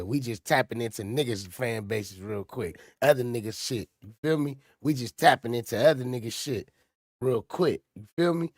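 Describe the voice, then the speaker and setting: A man running a casual livestream, reacting to clips and hyping his viewers in loose, slangy speech. His voice sits at an ordinary middle pitch. The room sound is dry and close. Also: normal speed, dry recording. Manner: laid-back, slangy, urging chat to like. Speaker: livestream host.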